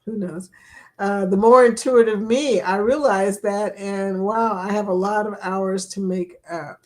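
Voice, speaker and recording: A woman's voice: mid-range voice, fairly even intonation, measured pace. Chatty woman hosting a live chat. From England. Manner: chatty, laughs often, reads comments aloud. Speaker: livestream host.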